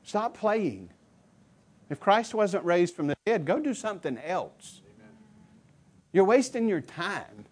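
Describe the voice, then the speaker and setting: Slow, high-voiced preaching man. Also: sing-song. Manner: emphatic preaching, swinging between loud declarations and low quiet asides. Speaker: pastor. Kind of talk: sermon.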